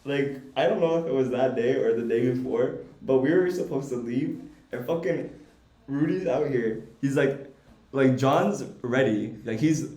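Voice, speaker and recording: A young man co-hosting a podcast, telling a story in a casual, animated, swearing way and laughing as he goes. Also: mid-range voice, normal speed. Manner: animated, profane, laughs while telling stories. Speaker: podcast co-host. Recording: echoey room.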